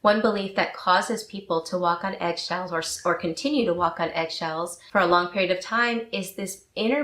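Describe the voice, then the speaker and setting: A woman life coach speaking to the camera in a measured, earnest way, slowing down to stress her points. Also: fairly low pitch, pushed and bright. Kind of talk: talk to camera on relationships. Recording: echoey room.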